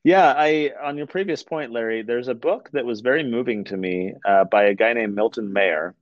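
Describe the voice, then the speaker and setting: A man's voice: mid-range voice, normal speed, no echo. Earnest male author, dull dry sound. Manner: earnest, storytelling, uses fillers. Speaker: author and guest. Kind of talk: conversational interview.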